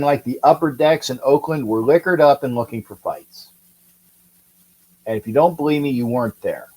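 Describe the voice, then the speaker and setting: A Californian man hosts a casual live sports talk stream, chatting and rambling as he reads viewer comments and greets people by name. His medium-pitched voice has a darkish tone, and the recording quality is low.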